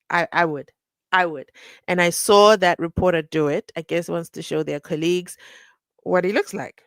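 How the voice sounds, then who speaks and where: A woman's voice: on the low side, fairly bright tone, dry recording. A woman hosts a casual live stream, chatting and reading viewer comments aloud with frequent laughs.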